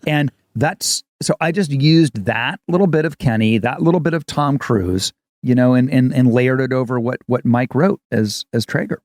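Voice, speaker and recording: A man in his fifties, an actor co-hosting a podcast, chatting casually as an animated storyteller. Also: medium pitch, moderate pace, no room sound, clean studio sound. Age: 50s. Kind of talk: casual chat.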